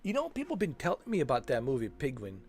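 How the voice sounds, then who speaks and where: A gaming channel host chats loosely over a game walkthrough, rambling, dropping "man" and "dude," and correcting himself as he searches for names, with lots of fillers. His medium-pitched, slightly mellow voice moves quickly and swings hugely in pitch.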